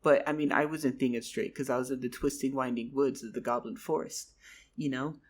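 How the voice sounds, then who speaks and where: A man's voice: medium pitch, steady tone, a little fast, husky. A man telling a rambling improvised fantasy story, repeating his words and swearing casually. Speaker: vlogger.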